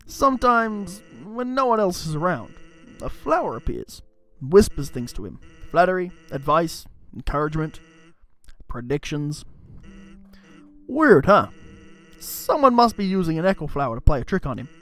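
A man's voice: on the high side, big pitch swings, moderate pace, fairly bright tone. A man reading a lazy, joking male skeleton's game dialogue aloud in his own plain voice. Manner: reads game lines aloud in a plain, slightly amused voice.

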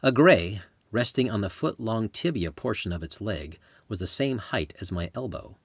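A man reading his own travel memoir aloud in measured, descriptive storytelling. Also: on the low side, lively intonation, husky, dry recording, studio quality. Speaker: author narrating his memoir. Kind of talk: scripted audiobook narration.

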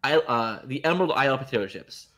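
A man co-hosting a podcast, recapping a movie in a rambling, animated way with many restarts. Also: mid-range voice, fast. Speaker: podcast co-host. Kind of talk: casual chat.

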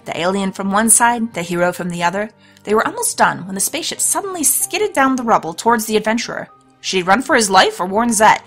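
A woman's voice: medium pitch, fairly bright tone. A woman hosting a let's play, reading a storybook game aloud with chatty, laughing asides. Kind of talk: let's play narration and commentary.

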